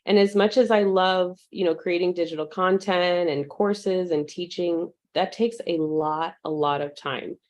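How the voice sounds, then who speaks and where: A woman teaching a live virtual class, warmly greeting attendees by name and speaking with frequent ums. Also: on the low side, fairly even intonation, a little slow, hardly any pauses. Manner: uses fillers like um. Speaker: online course instructor.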